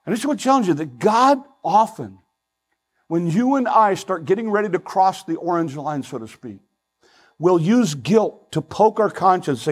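An older man preaching a sermon as pastor, earnest and pleading, swinging between loud emphasis and hushed asides. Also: high voice, husky, poor audio.

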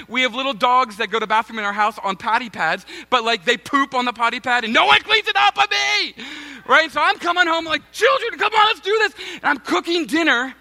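A man's voice: extremely high pitch, pushed and bright. A man in his thirties, a pastor, giving a sermon with a self-mocking personal story and chatty asides to the congregation. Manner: self-mocking, conversational, addresses congregation as guys.

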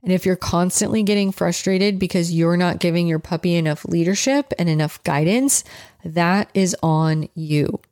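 A woman's voice: on the low side, normal speed, darkish tone, no room sound, studio quality. A woman dog trainer giving casual coaching advice, chatty and direct, often checking in with "right?". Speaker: dog trainer, podcast host.

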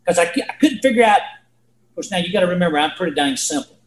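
A man preaches in a high, earnest voice, folksy and full of questions to his listeners. His voice rings through a roomy hall. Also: lively intonation, quick pace. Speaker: Bible teacher. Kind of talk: sermon.

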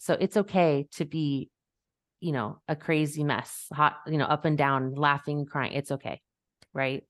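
A woman's voice: low voice, fairly even intonation, measured pace, no room sound, clean studio sound. A woman hosting a podcast as a life coach, talking casually and animatedly, acting out quoted voices and laughing easily. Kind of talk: casual conversational chat.

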